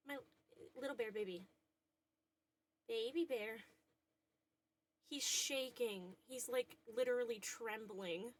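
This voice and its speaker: A woman with a slightly high voice chats casually to her livestream audience from home. She keeps slipping into a soft, cooing tone, as if soothing a pet. She speaks into a desk microphone. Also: takes it slowly, pauses often, slight background noise. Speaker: streamer. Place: at home indoors.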